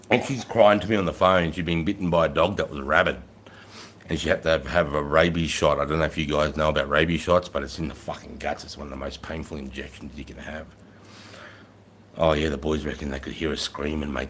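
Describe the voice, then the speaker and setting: A middle-aged man, a former army sergeant telling blunt, profane war stories on his own livestream. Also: rumbling low. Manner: blunt and heavily profane, rising loud when quoting himself. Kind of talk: casual storytelling livestream.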